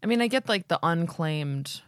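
Young woman podcast cohost, low voice, chatty asides, dry mic. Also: expressive, no echo. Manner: chatty reactions and quick asides. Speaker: podcast co-host. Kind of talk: casual chat.

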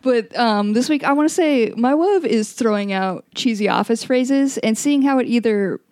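A woman co-hosting a podcast in casual chat, with wry, teasing asides and quick questions. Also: on the high side, darkish tone, no room sound, studio quality. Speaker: podcast co-host.

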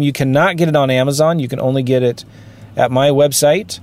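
A man's voice: on the high side, fairly quick, darkish tone. A man giving a rambling, emphatic motivational talk to his viewers, with vehicle sound behind him. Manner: rambling, self-interrupting, emphatic. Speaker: real estate investing vlogger. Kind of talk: casual motivational talk to camera.

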